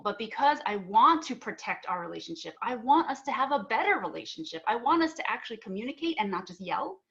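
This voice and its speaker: A young adult woman speaks on a panel, her voice a little high with a fairly bright tone, heard through lo-fi sound. She earnestly tells a personal story, acting out both sides of an argument amid filler words and restarts.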